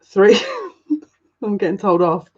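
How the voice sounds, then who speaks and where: A woman's voice: medium pitch, steady tone, slow, darkish tone. A woman giving a casual live tarot reading as a psychic, chatty and rambling with frequent giggles. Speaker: psychic reader. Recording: dull lo-fi sound.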